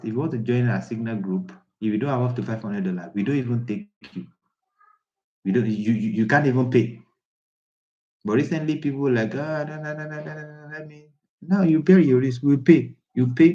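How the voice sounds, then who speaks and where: A man's voice: mid-range voice, dark tone, highs cut off. A man who coaches traders in a casual live class, talking in an emphatic, repetitive, preachy way. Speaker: trading coach.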